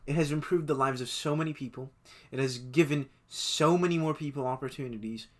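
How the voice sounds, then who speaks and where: Speaking a little fast in a medium-pitched voice, a twenty-something vlogger runs through his favorite things in casual list commentary. His excitement shows as he trips over repeated words.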